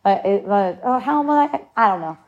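A woman's voice: mid-range voice, lively intonation, normal speed, lo-fi sound. A woman in her late forties telling a personal story in casual conversation, candid, laughing often and swearing freely. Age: 40s. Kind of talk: casual chat.

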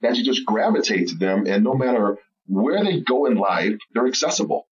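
A man guesting on a podcast, telling a story with animated, laughing delivery. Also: mid-range voice, moderate pace, far from the mic, muffled recording. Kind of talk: storytelling interview chat.

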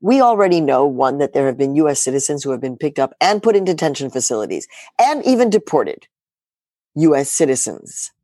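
Animated, emphatic woman journalist. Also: low voice, a little fast, no echo, studio quality. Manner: emphatic, rhetorical questions, sarcastic asides. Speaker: journalist guest. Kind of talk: animated political interview talk.

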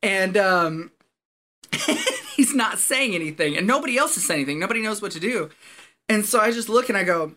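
A man, a former Marine, telling a story in casual chat, animated and profane, often laughing as he talks. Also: high-pitched, moderate pace, slight background noise.

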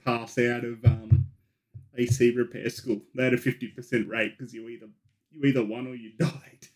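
A man's voice: medium pitch, little pitch movement, normal speed, darkish tone. A man co-hosting a podcast, chiming in with jokes and laughing side comments. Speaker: podcast co-host. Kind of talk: casual chat.

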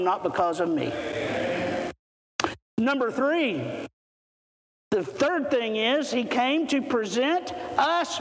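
Man, preacher, emphatic and repetitive, long echo of a church hall. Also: very high-pitched. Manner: emphatic preaching, repeating key words and swinging between soft and loud. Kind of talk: sermon. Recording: echoey hall with long reverb.

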